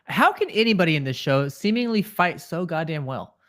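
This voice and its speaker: A man co-hosting a casual reaction podcast, talking in an excited, rambling way with lots of fillers, on a home mic over a live call. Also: on the high side, a little fast. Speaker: podcast co-host.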